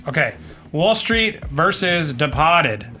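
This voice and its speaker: A man judging a studio debate panel, calling on each speaker and keeping the score in a brisk way. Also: fairly high pitch, big pitch swings, pushed and bright, faint music behind. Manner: brisk, calls out names and scores. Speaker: judge and host of a debate show.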